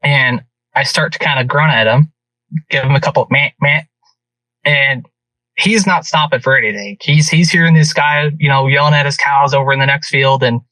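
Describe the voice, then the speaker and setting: A man, a guest on a podcast, telling a hunting story in casual and animated speech. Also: medium pitch, a little fast, dry recording. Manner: animated, vivid retelling. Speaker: guest hunter. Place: podcast studio. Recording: distant from mic, dry.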